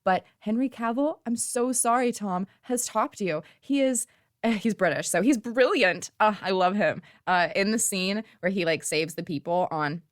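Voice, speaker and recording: Gushing, animated woman vlogger, dry close sound. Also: medium pitch, moderate pace, no echo. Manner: gushing, animated, sarcastic asides. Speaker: movie vlogger. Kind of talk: casual chat.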